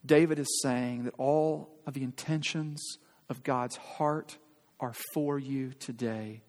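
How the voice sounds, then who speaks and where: A man's voice: medium pitch, fairly even intonation, slow, darkish tone. A man in his thirties preaching a sermon as a pastor. He addresses the congregation directly in an earnest, urging way and asks many rhetorical questions. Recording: long hall reverb.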